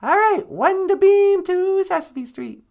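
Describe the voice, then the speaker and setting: A man putting on a sweet, high-pitched sidekick woman. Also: expressive, slow, darkish tone, exaggerated voice. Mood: cheerful. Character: cheerful high-voiced female sidekick who teleports.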